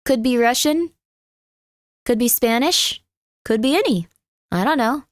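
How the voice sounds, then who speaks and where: Scatterbrained high-voiced woman streamer. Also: lively intonation, measured pace, dry recording, studio quality. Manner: rambling, scattered, self-interrupting; chatty, reads out viewer messages. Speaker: livestreamer. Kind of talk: casual livestream chat.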